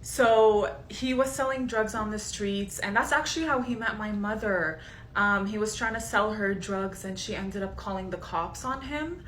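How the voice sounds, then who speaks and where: A young woman earnestly pitching a fake scholarship story, coaxing her father to play along. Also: normal speed, a bit bright, slight background noise. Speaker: prankster daughter. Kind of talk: mock-earnest pitch video. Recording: echoey room.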